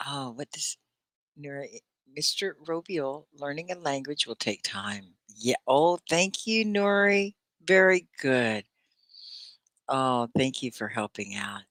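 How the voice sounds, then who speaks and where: A woman's voice: a bass voice, slow, dry recording. A woman from Texas, hosting a live online English class, gushing as she reads out viewers' comments. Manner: animated and gushing, reading viewers' comments aloud.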